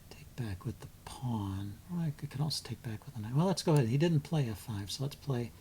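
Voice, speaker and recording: A man's voice: mid-range voice, expressive, fairly quick, dark tone, slight background noise. A man hosting his chess channel, commentating live on his own blitz game, thinking aloud with frequent ums and muttering moves under his breath.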